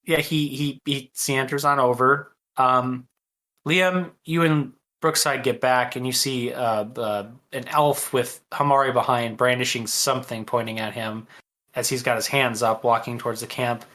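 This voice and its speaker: Bright-voiced casual game master. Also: male voice, medium pitch, fairly even intonation, measured pace. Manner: casual, rambling, filler-heavy. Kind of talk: narrating a tabletop game.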